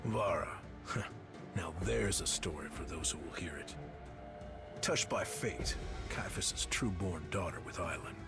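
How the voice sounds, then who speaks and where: An actor with a playing a weary, condemned outlaw who narrates a game's story in a slow, grim, hushed way. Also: male voice, low voice. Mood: storytelling. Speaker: game narrator. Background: loud game music.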